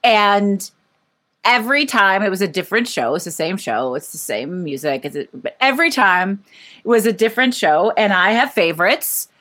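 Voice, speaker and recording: Female co-host, lively swooping voice, curious interviewer. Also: medium pitch, normal speed. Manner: friendly, curious, asks follow-up questions. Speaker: podcast co-host. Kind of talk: casual interview chat.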